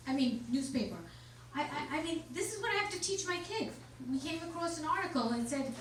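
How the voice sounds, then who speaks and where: A middle-aged woman doing a stand-up comedy set on stage in a small club, delivering deadpan punchlines with sudden shouting bursts. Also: sits high, normal speed. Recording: echoey club from far off. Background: small crowd laughing.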